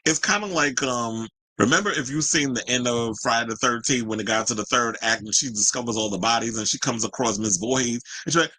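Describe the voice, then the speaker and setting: Sassy husky man dishing gossip. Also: mid-range voice, brisk, hardly any pauses, no room sound, rough recording. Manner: sassy, animated, slangy asides. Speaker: celebrity gossip host. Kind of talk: casual gossip commentary. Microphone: home streaming mic.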